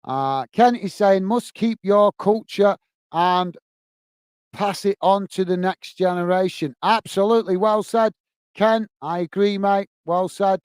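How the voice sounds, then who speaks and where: A man hosting a football watch-along, commentating on the match and chatting warmly with viewers in the chat. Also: high-pitched, a little slow, clear, resonant tone, no room sound. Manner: chatty, says "mate" a lot, reads chat messages aloud.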